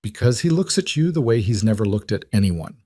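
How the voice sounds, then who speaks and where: A man's voice: fairly low pitch, sing-song, a little fast, mellow, no echo. A man reading a grave formal bodyguard. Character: serious loyal male bodyguard. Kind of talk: audiobook character reading.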